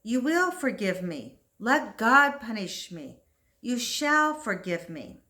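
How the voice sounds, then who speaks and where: A woman's voice: on the high side, big pitch swings, takes it slowly, bright, forceful tone, full character voice. A woman reading as a remorseful pleading young woman. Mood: desperate.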